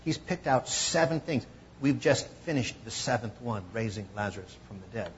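Animated male preacher, slightly lo-fi. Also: mid-range voice, normal speed, a little hiss or hum. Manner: conversational, animated, acts out quoted voices. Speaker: pastor. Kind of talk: sermon.

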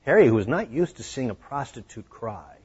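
A man preaching a sermon, telling a story with animated voices. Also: medium pitch, moderate pace, slightly rough. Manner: animated, acting out the scenes. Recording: dull lo-fi recording.

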